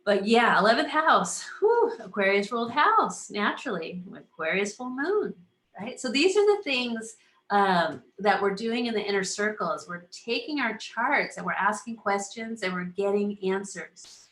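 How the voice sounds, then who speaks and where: A woman astrologer hosts a casual live stream, bubbly and laughing often as she acts out little inner voices for her viewers. Her mid-range voice is animated, a bit bright, and at normal speed, with a roomy echo in the recording.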